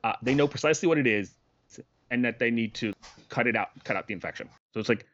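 A man's voice: medium pitch, lively intonation, quick pace, fairly bright tone. A man co-hosting a podcast, chatting casually about a film, rambling and breaking off his sentences, often laughing. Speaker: podcast co-host. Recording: dull lo-fi sound.

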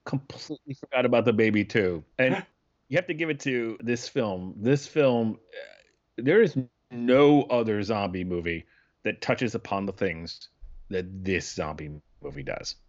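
Excitable, profane man on a podcast. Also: lowish voice, a little slow. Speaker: podcast co-host. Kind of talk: casual chat. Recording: dull lo-fi podcast audio.

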